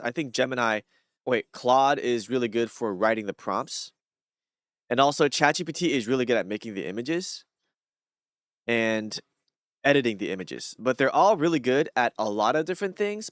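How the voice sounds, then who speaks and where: A man's voice: medium pitch, a bit bright, smooth, no echo, studio quality. A man chatting casually on a live stream, rambling with many fillers and restarts.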